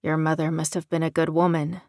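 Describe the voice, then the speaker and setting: Audiobook role: narrator doing a guarded young male captive, quiet, dry close sound. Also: low-pitched, completely flat delivery, brisk, no room sound.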